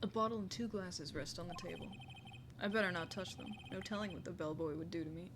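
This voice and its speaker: Casual, playful streamer, reads game text aloud, lots of giggling, chatty gaming stream. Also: female voice, fairly low pitch, fast talker, background noise. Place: home desk with a squeaky chair.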